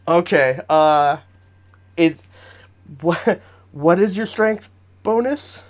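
A man's voice: fairly high pitch, extremely slow, long pauses. Chatty man running a tabletop game. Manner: chatty, laughs often, many fillers. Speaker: game master.

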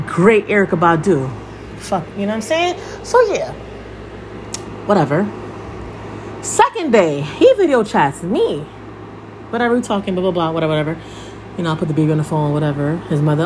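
A young woman and podcast host telling a personal story in a blunt, profane, animated monologue. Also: a little high, a little hiss or hum. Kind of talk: casual monologue.

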